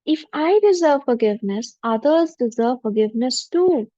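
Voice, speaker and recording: Lady leading a meditation, soft humble repeating lines, highish voice, kinda lo-fi dry sound. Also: animated, normal speed, no room sound. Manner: gentle, humble, repetitive affirmations. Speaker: spiritual teacher. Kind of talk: guided forgiveness meditation. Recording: dull lo-fi dry recording.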